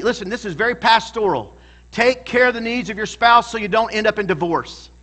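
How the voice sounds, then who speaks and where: A man's voice: very high voice, pushed and bright. A male pastor preaching a sermon in a church, emphatic and calling out to the congregation for responses.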